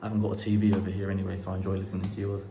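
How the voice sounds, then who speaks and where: A man's voice: low voice, monotone, racing. A young man chatting casually to camera, rambling and swearing now and then, in an unfinished house. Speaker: vlogger. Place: unfinished house under renovation, indoors. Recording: echoey empty room, faint background noise.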